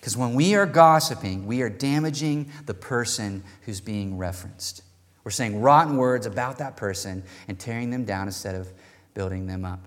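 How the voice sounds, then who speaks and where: Male pastor, animated emphatic sermon delivery, mid-pitched, long hall reverb. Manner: animated, emphatic preaching with rising bursts.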